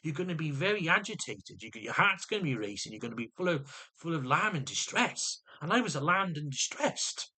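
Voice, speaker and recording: A man's voice: on the high side, sing-song, fairly quick, pushed and bright, slightly rough. A man venting to camera in an agitated monologue, often restarting and repeating his words. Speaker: vlogger.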